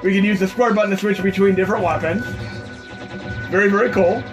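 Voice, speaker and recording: A man's voice: high-pitched, steady tone, quick pace. A man hosting a retro gaming video, chatting casually and enthusiastically over gameplay, rambling with frequent fillers. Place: home computer setup. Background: loud game music.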